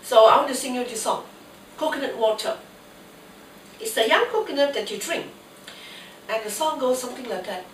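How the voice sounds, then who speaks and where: A woman's voice: fairly high pitch, sing-song, moderate pace, long pauses. A woman with a cold hosting a casual cooking demonstration alone in her home kitchen, chatting to herself as she works. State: has a cold. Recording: echoey kitchen, mic at a distance, faint noise.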